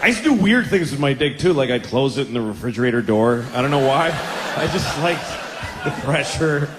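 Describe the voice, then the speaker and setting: A man's voice: mid-range voice, animated, fairly quick, in a large hall, noisy background. A man in his forties doing a stand-up routine, crude, rambling and self-deprecating. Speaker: stand-up comedian.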